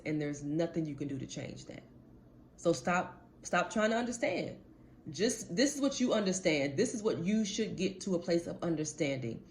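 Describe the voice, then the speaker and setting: A woman's voice: deep voice, darkish tone, slight background noise. A woman life coach giving a motivational talk to camera, blunt and casual, addressing viewers directly and repeating her points for emphasis.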